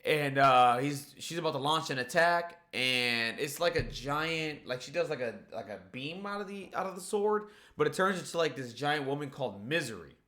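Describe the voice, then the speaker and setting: A man giving a casual, excited spoken recap of a manga chapter, swearing freely and filling his talk with "like" and "you know". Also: fairly high pitch, normal speed, hardly any pauses.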